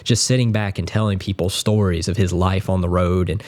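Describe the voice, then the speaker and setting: A man's voice: low-pitched, steady tone, a little fast, darkish tone. A man speaking casually and earnestly as a guitar YouTuber, rambling in admiration. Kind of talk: casual spoken tribute.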